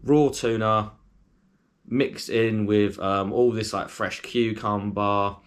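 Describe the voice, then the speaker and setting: A man chatting casually to camera as a food vlogger, rambling a little and filling pauses with lots of ums. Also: lowish voice, little pitch movement.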